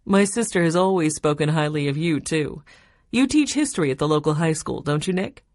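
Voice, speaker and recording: Kindly older housekeeper, read by a woman; low, close, dry. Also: expressive, fairly quick, a little mellow, no echo. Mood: fond.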